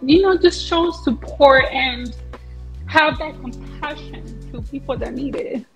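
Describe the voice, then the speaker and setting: A young woman answering as a pageant contestant in a live interview, earnest and soft-spoken, apologizing often. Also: high-pitched, unhurried, soft background music, rough recording. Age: young adult.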